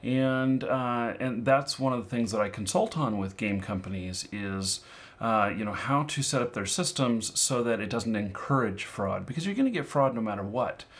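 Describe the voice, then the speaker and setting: A man's voice: medium pitch, lively intonation, normal speed. A man giving casual advice to viewers, rambling and leaning heavily on filler words as he talks. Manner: rambling, full of "you know" and "um" fillers. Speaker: online game-currency seller and fraud consultant. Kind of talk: casual advice talk to camera.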